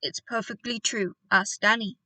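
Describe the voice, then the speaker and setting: A woman voicing a calm, wry working father who speaks with quiet, dry understatement. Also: mid-range voice, normal speed, no echo, lightly acted, poor audio.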